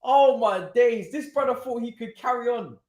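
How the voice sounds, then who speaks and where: A man's voice: very high-pitched, normal speed, a little mellow. Slangy man commenting on football live. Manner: chatty, slangy, reacting. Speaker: streamer host. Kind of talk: casual live match commentary. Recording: echoey room.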